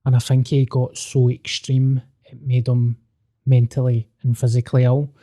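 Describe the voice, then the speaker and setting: A man's voice: mid-range voice, normal speed. A man telling a personal story on a podcast, casual and sweary, acting out the dialogue. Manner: sweary, animated, acts out quoted dialogue.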